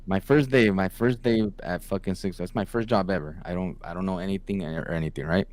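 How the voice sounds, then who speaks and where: A man's voice: low-pitched, fairly quick, darkish tone. A young man co-hosting a podcast, telling a story in casual chat, slangy and profane. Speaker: podcast co-host.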